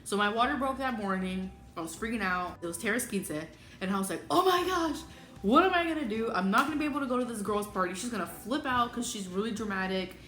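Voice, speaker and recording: A young adult woman telling a story casually and animatedly, acting out what people said in a higher voice. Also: fast talker, few pauses. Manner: animated, acts out quoted speech in a higher voice. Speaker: vlogger telling her birth story. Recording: echoey room with clear background music.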